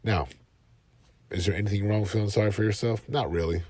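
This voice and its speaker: A man in his thirties hosting a motivational podcast from his car, talking earnestly and rising to loud, passionate emphasis. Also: lowish voice, fast, breathy edge, no room sound. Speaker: podcast host and life coach.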